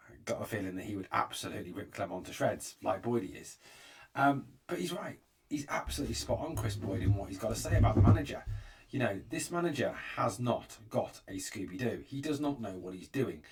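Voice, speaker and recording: A man's voice: on the low side, slightly rough, far from the mic. Exasperated man ranting. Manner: exasperated, emphatic, repeats himself. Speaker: fan channel host. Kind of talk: opinionated fan commentary monologue.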